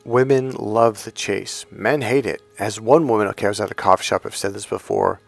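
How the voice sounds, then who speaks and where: A man's voice: lowish voice, brisk, vocal fry, soft background music. A man talking as a dating coach, casual and direct, acting out quoted women in a raised voice. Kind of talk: casual direct-to-camera talk.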